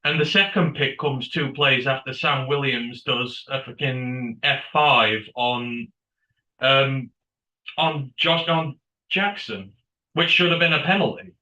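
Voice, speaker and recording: Man, football fan co-host, blunt and sweary, bright voice, roomy and dull call audio. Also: medium pitch, slow pace. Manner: blunt, swears when frustrated. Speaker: podcast co-host. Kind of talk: casual fan review chat.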